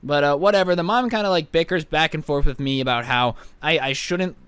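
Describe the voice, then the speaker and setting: Brief: young male storyteller, sarcastic, smooth clear voice, dry close mic. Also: fairly high pitch, a little fast, no room sound. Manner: sarcastic, animated retelling. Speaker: YouTuber. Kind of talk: storytime vlog narration.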